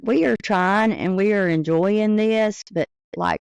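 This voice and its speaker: A woman's voice: medium pitch, unhurried, vocal fry, a little mellow, smooth, dry recording. A woman from the American South, a teacher, co-hosting a casual podcast chat in an easygoing, supportive way.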